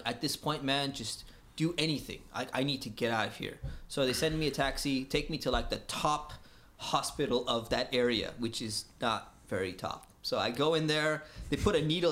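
Man from the US, casual storyteller, lively, acts out the dialogue, slightly high voice. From United States. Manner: animated, laughs often, acts out dialogue.

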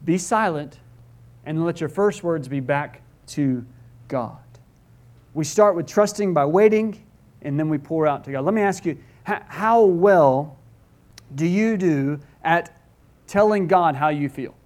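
Earnest high-voiced male preacher. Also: measured pace, a little mellow. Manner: earnest, pleading, with frequent restarts and rhetorical questions. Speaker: pastor. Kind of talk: sermon.

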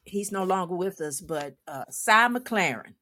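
An older woman, a former coach, telling a lively story on a talk show, laughing often and acting out the people she quotes. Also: fairly low pitch, measured pace. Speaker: guest, former women's basketball coach.

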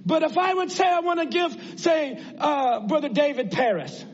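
A man with a very high, animated voice preaches at a moderate pace in an earnest, conversational way, posing rhetorical questions to his listeners. The recording is muffled, with a little hiss or hum.

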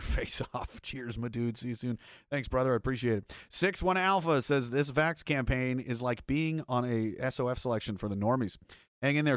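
A man's voice: medium pitch, no echo, clean studio sound. A man hosting a livestream, ranting in a heated, profane, sarcastic way and reading chat messages aloud. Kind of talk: angry political rant on a livestream.

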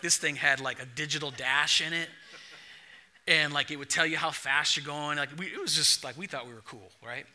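A young adult male pastor preaching a sermon to his church, telling stories with lively acted-out dialogue. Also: medium pitch. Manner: animated storytelling, acts out dialogue.

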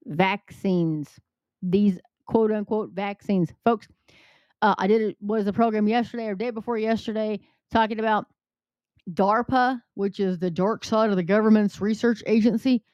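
A woman's voice: mid-range voice, moderate pace, darkish tone, no echo. A woman hosting an angry political commentary show, fiery and indignant, swearing and restarting her sentences. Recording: dull dry lo-fi recording.

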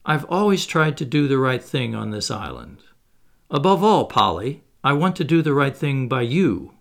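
A man reading aloud, voicing a proud, restrained former butler who speaks gravely and searches his own feelings. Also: medium pitch, very animated, a bit bright. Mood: earnest. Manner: grave, measured, self-searching.

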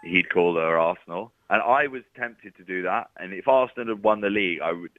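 A man chatting as a comedian guest, telling self-deprecating anecdotes with quick asides. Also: low voice. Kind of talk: casual chat. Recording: thin phone-like line, dry.

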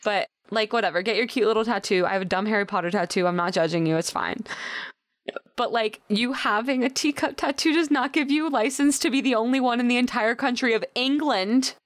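A young woman co-hosting a podcast in casual chat, chatty and quick with asides, laughing often. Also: a little high, no echo, clean studio sound. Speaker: podcast co-host.

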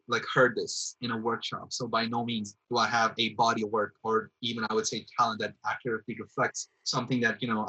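Theatre guy guest, bright husky voice, lots of "like, you know", thinking out loud. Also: fairly low pitch, low-quality recording. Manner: thoughtful, rambling with many fillers. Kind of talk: reflective casual conversation.

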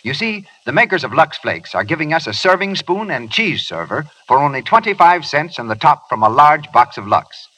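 A man's voice: very animated, normal speed, few pauses, pushed and bright, no room sound, poor audio. A man announcing a chatty, persuasive 1930s radio advertisement. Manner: chatty, persuasive sales pitch.

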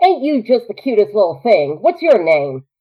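A woman's voice: medium pitch, big pitch swings, moderate pace, husky, lo-fi sound. A woman voicing a brash, confident frontierswoman with a generalized Southern drawl, teasing and folksy, read out in a fan podcast.

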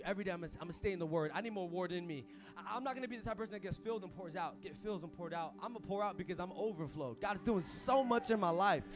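A young man preaching an energetic sermon as pastor, casual and full of slang, swinging from hushed asides to shouting. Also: high voice.

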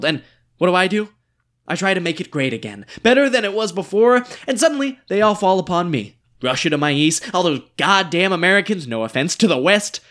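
A man's voice: fairly high pitch, fairly bright tone. A man reading the part of a ghostly dictator with a bullet wound, needy and melodramatic, in a stage play reading. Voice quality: theatrical, swinging between whimpers and outbursts.

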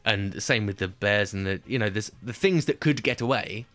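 A man's voice: on the low side, normal speed, fairly bright tone, faint music behind. A man in casual comedic chat, swearing a lot and joking around. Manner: swearing, jokey, slips into silly put-on voices.

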